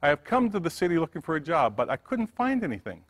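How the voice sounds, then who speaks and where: A wealthy middle-aged businesswoman talks with polite, firm kindness, as a male pastor puts her on. Her lines climb higher than his own voice and swing in pitch. A long church-hall reverb trails each phrase. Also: sing-song, fast. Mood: gracious. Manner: polite, gently insistent.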